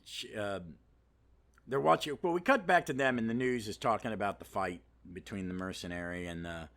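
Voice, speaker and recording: A man's voice: lowish voice, moderate pace, fairly bright tone. A man hosting a podcast, giving a casual, rambling comic book review full of asides and fillers. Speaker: podcast host.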